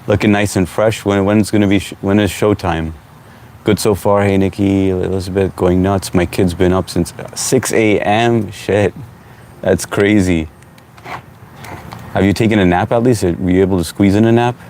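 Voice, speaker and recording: A low-voiced man speaks at a normal pace in a loose, chatty way while hosting a relaxed live stream from home. He reads viewers' comments aloud and greets each person by name, with faint background noise underneath.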